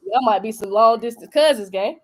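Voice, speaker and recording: Young female host with a North Carolina accent, chatty and teasing, higher-pitched. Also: moderate pace. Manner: animated, joking, slangy. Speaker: crypto show host. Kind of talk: casual live-stream chat.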